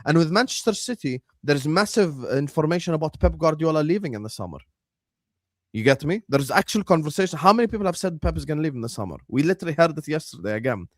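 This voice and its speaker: A young man hosting a stream, arguing about football in a heated, animated way, swearing and dropping Arabic phrases. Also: a little high, quick pace, no room sound, studio quality. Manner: argumentative, animated, swears, says "wallah" and "inshallah". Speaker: host.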